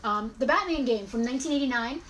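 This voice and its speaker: High-voiced chatty woman host. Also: animated, fast talker, fairly bright tone, a little hiss or hum, low-quality recording. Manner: chatty, rambling, corrects herself mid-sentence. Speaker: host selling collectibles. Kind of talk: casual live-stream sales chat.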